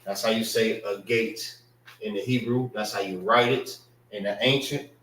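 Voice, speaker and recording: A man teaching a class, unhurried and repeating words to drill pronunciation. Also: on the low side, steady tone, fairly bright tone, slight background noise. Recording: echoey room.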